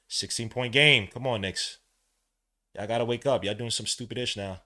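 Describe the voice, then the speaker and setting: Excitable man calling a game casually. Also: mid-range voice, moderate pace. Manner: swings from quiet play-by-play to loud excited outbursts; casual slang, talks to the listener like a friend. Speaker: podcast host calling a game. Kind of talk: live watch-along play-by-play.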